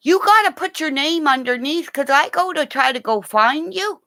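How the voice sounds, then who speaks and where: A middle-aged woman hosting a rambling, casual livestream chat, excitable, gasping and dropping into whispers. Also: high voice, normal speed, hardly any pauses, no echo, studio quality. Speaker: livestream host.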